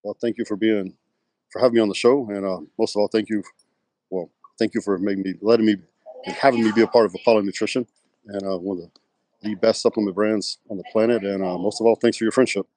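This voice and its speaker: A middle-aged man from West Texas, a pro bodybuilder appearing as a guest, speaks quickly in a Texan accent with a fairly low, slightly mellow voice and steady tone. His casual interview answers ramble with lots of fillers, and he acts out quoted conversations. No echo is audible.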